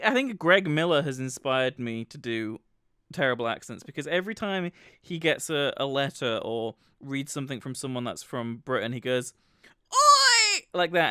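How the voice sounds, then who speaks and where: A man's voice: medium pitch, a bit bright, clear, resonant tone, dry recording. A man giving chatty, self-mocking commentary while livestreaming a video game. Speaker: livestream gamer. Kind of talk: casual gameplay commentary.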